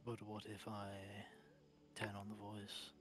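A man's voice: lowish voice, monotone, slow, over music. A man from Liverpool with a Scouse accent, bantering on a gaming stream with mock indignation. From Liverpool, England. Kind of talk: casual gaming chat.

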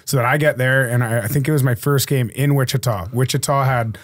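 A hockey player in his thirties, appearing as a guest, tells stories in a laid-back, casual chat and acts out the lines of the people in them. His voice is medium-pitched and brisk, and the recording sounds dry.

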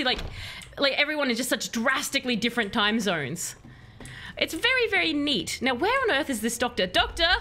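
Woman, Australian accent with a British tinge, chatty, giggly, bright and sharp tone, slightly high voice, game streaming. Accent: Australian, at times British-tinged. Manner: chatty, giggly, talks to viewers. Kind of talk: casual live game-stream chat.

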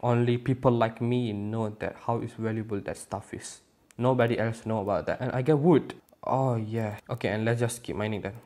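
A man giving casual let's-play commentary in non-native, ungrammatical English, talking to himself with sudden loud outbursts. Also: mid-range voice, fairly even intonation, normal speed. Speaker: gaming YouTuber.

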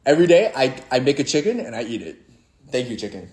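A man's voice: medium pitch, big pitch swings, fast talker, a little mellow. A young man hosting a casual live stream, reading viewer comments aloud and answering them in a playful, jokey, rambling way. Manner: playful, jokey, rambling with restarts and sudden mock-sad drops.

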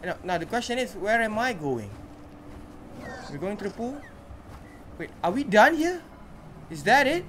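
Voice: medium pitch, big pitch swings, measured pace, long pauses, fairly bright tone, slight background noise. A gamer giving casual commentary while playing, chatting to the characters and reacting aloud.

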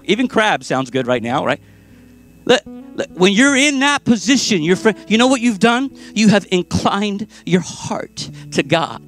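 A pastor preaching a sermon with passion, moving between loud, urgent lines and hushed ones. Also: male voice, sits high, big pitch swings, a little slow, faint music behind. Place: church sanctuary.

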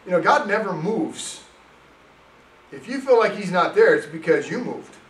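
A male pastor preaching a sermon, reading scripture and telling stories in an animated way. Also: high-pitched, moderate pace, roomy sound, recorded from a distance, rough recording. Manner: animated storytelling, reads scripture aloud. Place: church sanctuary.

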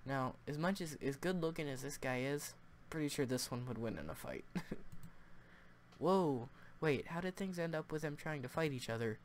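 A man's voice: a little high, animated, moderate pace, slight background noise. Chatty man reading a visual novel. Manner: chatty, jokey asides with laughs. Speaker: gaming video host. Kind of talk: casual visual novel playthrough, reading aloud.

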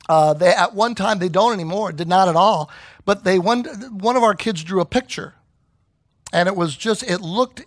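A middle-aged pastor delivers a sermon full of stories, animatedly acting out the voices of the people he quotes. His voice sits high, and there's no room sound.

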